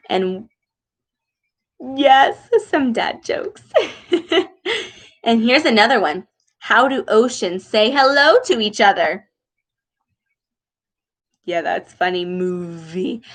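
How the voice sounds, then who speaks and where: Young female speech therapist for kids, slightly high voice, slow and exaggerated, gasping with delight. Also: poor audio. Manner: animated, exaggerated sounds, frequent gasps, slow deliberate words. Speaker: speech therapist reading with children. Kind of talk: children's speech lesson over video.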